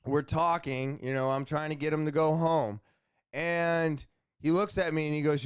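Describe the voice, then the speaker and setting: A man's voice: on the high side, unhurried, clear, resonant tone, no room sound, studio quality. A man hosting his own show, telling a long rambling story with many fillers and repeated words. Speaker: podcast host. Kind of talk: casual storytelling monologue.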